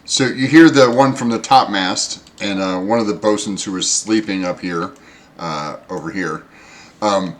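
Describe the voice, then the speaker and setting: A man's voice: on the low side, a little slow. Hesitant man narrating a tabletop game. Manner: hesitant, filler-heavy narration. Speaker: game master.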